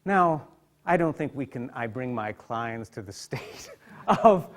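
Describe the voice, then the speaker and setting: A man giving a lecture as a psychotherapist, speaking with heartfelt feeling and dropping soft and quiet in tender passages. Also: medium pitch, expressive, slow pace. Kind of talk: emotional lecture with literary readings. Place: hospital lecture hall.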